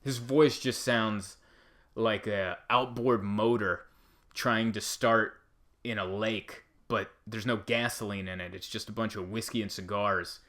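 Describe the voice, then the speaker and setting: A man hosting a comedy podcast, riffing through rambling stories in an animated way. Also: on the low side, a little slow.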